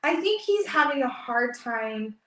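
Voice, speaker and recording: A chatty, giggly young woman, talking on a family live stream. Her voice is a little higher than most. The sound carries a roomy echo from a home office. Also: very animated, measured pace, fairly bright tone. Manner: chatty, giggly, reads comments aloud. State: pregnant with twins. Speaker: vlog co-host. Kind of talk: casual live-stream chat.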